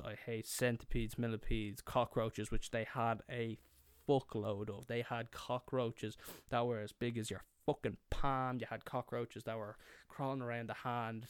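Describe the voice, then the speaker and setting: Young Irish man, comic storyteller, foul-mouthed, smooth mid-pitched voice, dry sound. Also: dry recording. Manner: swears a lot, acts out his younger self and friends.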